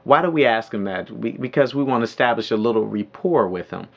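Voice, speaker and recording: A man giving a spoken training lesson on calling sales leads, pausing often with ums and restarts, sometimes acting out phone calls. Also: medium pitch, gravelly. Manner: hesitant with many ums, then lively role-play of phone calls. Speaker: network marketing trainer. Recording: dull lo-fi audio.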